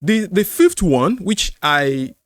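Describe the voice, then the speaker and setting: A man's voice: high voice, very animated, takes it slowly, no echo. A middle-aged Nigerian man with a Yoruba accent walks through words one at a time at a leisurely pace. He repeats each word and sings out tone syllables as he marks them. His voice sits close and dry on a desk mic. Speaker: apologetics channel host. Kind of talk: screen-share language lesson.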